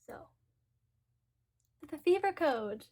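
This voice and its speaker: Woman book vlogger, high voice, loose rambling chat with giggles, stuffy and congested. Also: animated, drawn-out words, mellow. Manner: rambling, giggly, thinks aloud with fillers. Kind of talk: casual chat.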